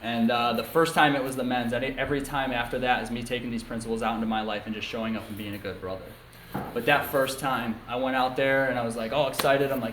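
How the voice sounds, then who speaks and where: A young man from upstate New York shares a candid personal testimony at a recovery meeting, peppering his story with lots of ums and likes. His mid-range voice is fairly bright, fairly quick, and fairly even in intonation. The meeting room sounds echoey, with a faint hiss on the recording.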